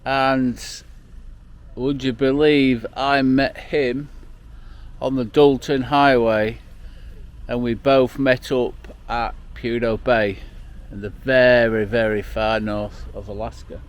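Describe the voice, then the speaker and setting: A man's voice: mid-range voice, level tone, slow, smooth. A man talking casually to camera outdoors on a travel vlog, rambling and emotional, with the odd swear word. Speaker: overland travel vlogger. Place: outdoors at the end of a road.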